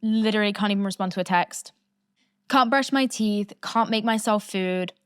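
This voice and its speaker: A young woman in her twenties talks straight into the mic in a candid, rambling monologue. She swears freely and laughs as she goes. Her pitch sits in the middle range, and the recording is close and dry with no room echo. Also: moderate pace, a bit bright, clear, resonant tone. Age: 20s. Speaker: podcast host.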